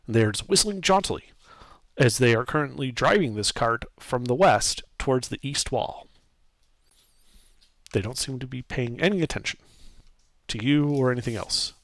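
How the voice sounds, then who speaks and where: A man narrating a tabletop game as game master, describing scenes in a lively, casual way with fillers. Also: mid-range voice, normal speed, pauses often, no room sound.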